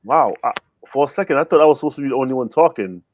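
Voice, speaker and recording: A man's voice: mid-range voice, animated, very fast, slight background noise. A man co-hosting a casual sports chat, rambling and teasing. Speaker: co-host.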